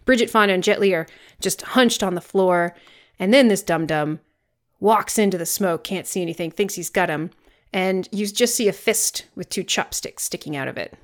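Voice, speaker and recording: A woman co-hosting a podcast, recapping a film in casual chat with sarcastic, animated storytelling and plenty of swearing. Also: mid-range voice, moderate pace. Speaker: podcast co-host.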